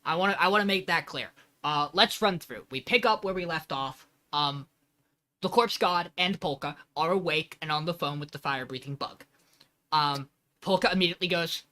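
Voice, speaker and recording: A man's voice: on the high side, fairly quick, bright, forceful tone. A man hosting a podcast, casually recapping an episode and animatedly acting out quoted lines. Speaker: podcast host.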